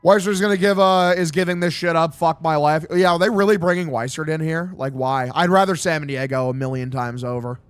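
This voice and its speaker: A man's voice: on the high side, a little fast, hardly any pauses, smooth, dry recording, faint music behind. A man with a sore throat calling a game as a fan streamer, swearing and getting fired up. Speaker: streamer doing a watch-along. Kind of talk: excited casual play-by-play with heavy swearing.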